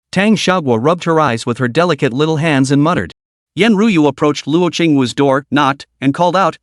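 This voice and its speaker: A man narrates a web novel with lively, animated storytelling, his voice sitting a bit high. The recording is dry and close, with no room sound. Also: normal speed, no echo.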